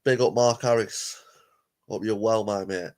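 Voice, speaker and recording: A man's voice: lowish voice, fairly even intonation, unhurried, a little mellow. Blunt man reacting live. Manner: blunt, chatty, swears freely. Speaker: reaction streamer. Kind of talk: casual live reaction commentary.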